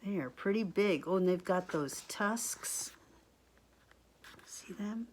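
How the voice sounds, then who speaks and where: Woman teacher, slow read-aloud storytime voice, expressive, asks kids questions. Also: medium pitch. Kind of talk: picture-book read-aloud for children.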